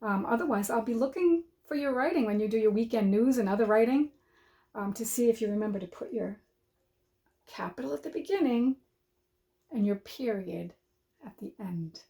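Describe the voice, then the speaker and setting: A woman teacher giving a writing lesson to young children, talking slowly and clearly and sounding out each word as she writes. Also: fairly high pitch, lively intonation, dark tone. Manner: slow, clear dictation for young learners.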